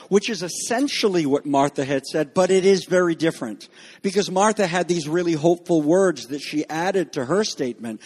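A man's voice: on the high side, darkish tone, husky. Man preaching in a reverberant hall. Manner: measured teaching, acts out quoted lines. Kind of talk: expository sermon.

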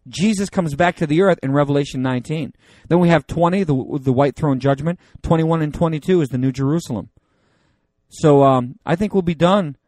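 A man's voice: fairly high pitch, brisk, a little mellow, dry recording. A man teaching a Bible study in a loose, joking, conversational way, reading scripture aloud with rising emphasis.

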